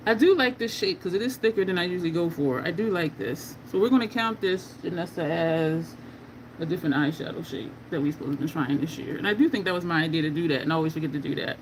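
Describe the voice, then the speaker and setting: A woman's voice: on the low side, lively intonation, quick pace, noisy background. A middle-aged woman hosting a beauty video, chatting casually with viewers while she applies makeup and tells stories with asides. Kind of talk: casual live chat while applying makeup.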